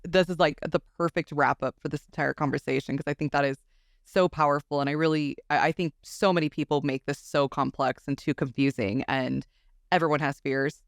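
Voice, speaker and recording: A woman hosting a podcast interview, effusive and enthusiastic, quick to agree with her guest. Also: deep voice, steady tone, no room sound, studio quality. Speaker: podcast host.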